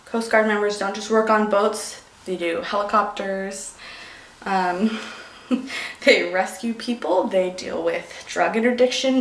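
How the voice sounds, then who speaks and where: A young pregnant woman talks casually to her viewers, rambling and emotional, losing the thread of her sentences. Her voice sits at an ordinary pitch. The room is echoey, with a light hiss underneath. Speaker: beauty vlogger. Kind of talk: casual vlog chat. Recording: echoey room, faint noise.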